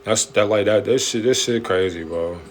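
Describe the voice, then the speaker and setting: A man hosting a late-night livestream, preaching in an animated way with slangy street talk and swearing. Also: on the low side, slight background noise. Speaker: livestream host answering viewer questions. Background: faint music playing in the background.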